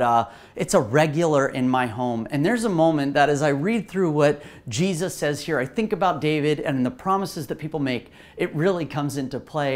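A woman pastor preaching a sermon in an animated way, asking the listeners rhetorical questions. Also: low voice.

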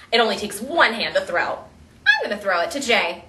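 A woman teaching artist leading a children's drama workshop in a playful, animated way. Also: medium pitch, slight background noise. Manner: playful, animated, drawn-out delivery. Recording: echoey room, mic at a distance.

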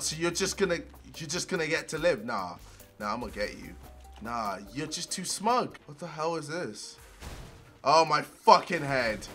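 A young man giving loud, profane gameplay commentary, shouting and yelping at the game. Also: fairly high pitch. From England. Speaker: gaming video creator.

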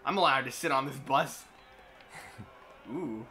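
A man's voice: mid-range voice, lively intonation, slow pace, bright, forceful tone, slight background noise. A man co-hosting a casual gaming commentary, goofy and giggly, making crude jokes. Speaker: gameplay co-host.

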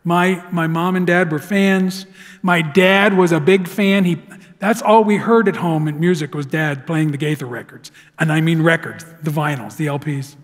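A man preaching a sermon in a church sanctuary, telling the story with lively, dramatic flair. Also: on the high side, normal speed. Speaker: pastor. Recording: long church hall reverb.

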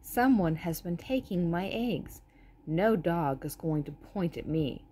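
A stern, protective mother turkey hen from a children's storybook, as a woman reads her lines aloud. She speaks slowly and firmly in a low, mellow voice. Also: lively intonation, breathy edge, full character voice. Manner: stern, bossy.

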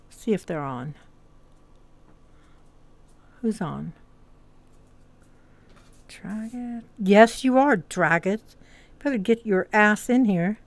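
A woman streamer in a VR headset chats with her viewers at an unhurried, drawn-out pace. She mutters and swears to herself while sorting out her setup, then brightens up to greet her chat. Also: medium pitch, animated, no echo. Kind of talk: casual live-stream chat.

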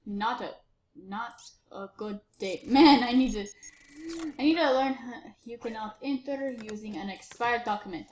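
A woman commenting on a game as she plays, bossing and brushing people off like an impatient inspector. Her voice sits fairly high. It sounds roomy, with faint hiss and clicks behind it. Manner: bossy, impatient role-play as a border inspector. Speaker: gamer narrating her play. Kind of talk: casual gameplay commentary.

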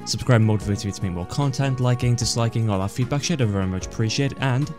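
A man's voice: medium pitch, quick pace, over music. Swearing, joking gaming commentator man. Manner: joking, swears a lot, excitable reactions. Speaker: gaming YouTuber. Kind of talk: casual let's play commentary.

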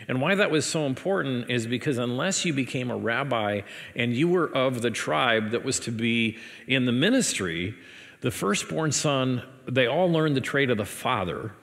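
A male pastor preaching a sermon. He reads scripture dramatically, then breaks off into animated asides with laughs. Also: medium pitch. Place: church sanctuary. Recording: church hall with long reverb.

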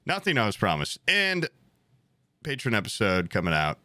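Lively, bright-voiced profane podcast host. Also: male voice, lowish voice, moderate pace, dry recording, clean studio sound. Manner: rambling, profane, jokey. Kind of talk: casual chat.

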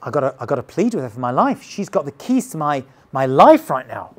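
A man's voice: medium pitch, sing-song, fairly quick, voice pushed down. A man acting out a scheming royal advisor who is panicking and ready to beg for his life. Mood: panicked. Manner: frantic and pleading.

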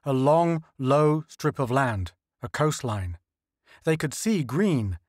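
A man reading science fiction as an audiobook narrator in an even, measured way. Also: mid-range voice, dry recording, clean studio sound. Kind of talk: scripted narration.

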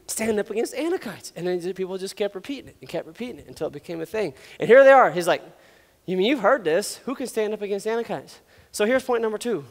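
High-voiced joking pastor in a hall. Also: male voice. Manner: animated, joking, acts out quotes. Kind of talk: sermon.

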